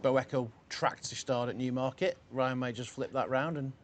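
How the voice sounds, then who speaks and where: A man's voice: mid-range voice, steady tone, normal speed, a little hiss or hum. A man giving racing tips outdoors, energetically rattling off odds. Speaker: pundit. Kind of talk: racing preview chat. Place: outdoors at a racecourse.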